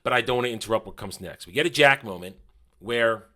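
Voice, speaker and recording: A man's voice: mid-range voice, quick pace, sharp tone. A man giving a casual, rambling spoken review of a TV episode, often correcting himself and paraphrasing scenes.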